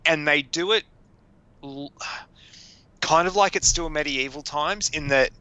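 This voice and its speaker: A man's voice: a little high, unhurried, bright, forceful tone, clean tone, no echo, rough recording. A man co-hosting a podcast, chatting casually, laughing often and acting out quotes. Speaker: podcast co-host. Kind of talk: casual chat.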